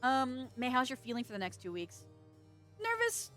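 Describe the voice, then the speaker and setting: A woman's voice: on the high side, a little fast, fairly bright tone, soft background music. A woman chatting casually on a live stream, reading chat, laughing often, swearing and teasing, with a stuffy nose, close to a desk microphone.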